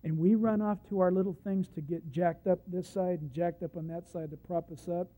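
A male preacher giving a sermon, emphatic, swinging from hushed asides to loud points and acting out the scripture stories he tells. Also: high-pitched, fairly even intonation, a little fast. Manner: acts out the Bible quotes he tells. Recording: muffled lo-fi recording.

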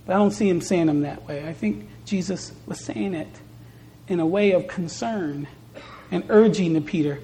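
Her voice on the low side and her pace moderate, a woman delivers a sermon at a church service. She stresses key points through repeated phrases and swings between quiet and loud passages.

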